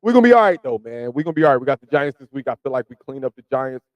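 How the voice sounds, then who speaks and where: A man hosting a podcast, chatting casually about football and swinging from low mutters to loud emphasis. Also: sing-song, rapid-fire, no room sound, muffled recording. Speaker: podcast host. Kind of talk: casual sports chat.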